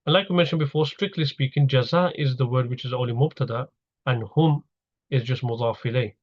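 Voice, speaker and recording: A man's voice: medium pitch, brisk. Man patiently teaching grammar, slightly dull sound. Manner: patient, explains step by step, repeats key terms. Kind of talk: recorded grammar lesson.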